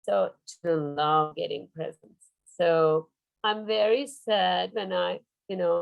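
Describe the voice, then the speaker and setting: A woman trainer leading an online workshop on early foreign-language teaching, animated and showing her materials over a video call. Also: lowish voice, slow pace, vocal fry, dry recording, low-quality recording. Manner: animated, demonstrative, shows props.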